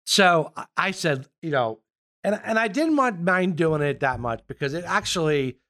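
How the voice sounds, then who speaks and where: A man who works as a yacht broker, talking casually in a halting way with many restarts. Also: a little high, animated, pushed and bright, no room sound, studio quality. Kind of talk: casual conversation.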